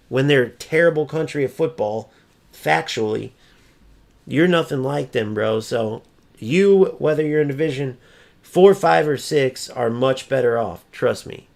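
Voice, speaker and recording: A man's voice: medium pitch, a little slow, creaky, a little mellow. A man hosting a gaming channel, delivering a blunt, profane casual rant and repeating points for emphasis.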